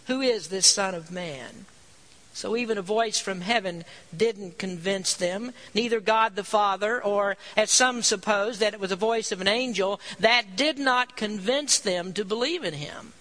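A man's voice: high voice, normal speed, hardly any pauses, sharp tone, poor audio. A man preaching a sermon, earnest, reading scripture aloud and stressing key points.

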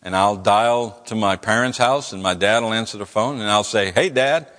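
A man's voice: on the low side, fairly even intonation, normal speed, a bit bright, long reverb tail. A man preaching a sermon in church, earnest, often repeating words as he builds each point.

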